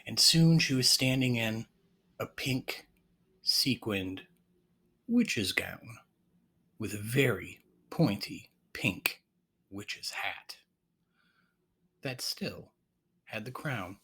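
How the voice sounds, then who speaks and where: A man narrating an improvised bedtime story, gentle and halting. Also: fairly low pitch, animated, husky.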